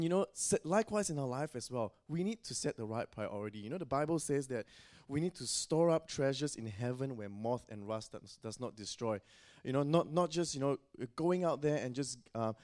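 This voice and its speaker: A man's voice: medium pitch, animated, normal speed, a little mellow. Conversational man preaching a sermon. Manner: conversational, frequent "you know".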